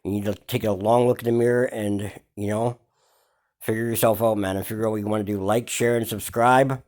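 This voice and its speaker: Talking a little fast in a lowish, darkish voice with fairly even intonation, a man runs a hip-hop gossip vlog. He rants mockingly about the gossip, leaning heavily on slang, curse words and fillers.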